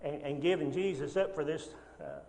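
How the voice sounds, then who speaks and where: Halting man teaching a Bible class. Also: a little high, wildly swooping pitch, warm tone, big-room sound. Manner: halting, frequent restarts, rhetorical tag questions. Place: church classroom.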